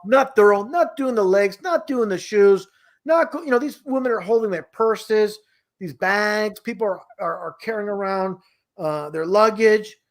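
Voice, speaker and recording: A man's voice: high voice, moderate pace. A man talking casually and at length, rambling with many restarts and an incredulous tone. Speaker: guest. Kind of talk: casual conversation.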